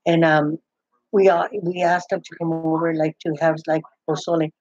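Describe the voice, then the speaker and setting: Older woman with a husky voice, rambling. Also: deep voice, little pitch movement, moderate pace, a little mellow, no echo, soft background music. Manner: rambling, full of restarts and "I go". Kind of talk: casual chat. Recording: dull, muffled, lo-fi sound.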